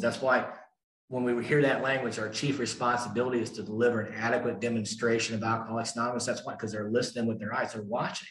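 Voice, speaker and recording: A man's voice: mid-range voice, level tone, fast, a bit bright. An older man speaking at a recovery meeting, telling his story emphatically and repeating key lines for effect. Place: meeting room. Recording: echoey room.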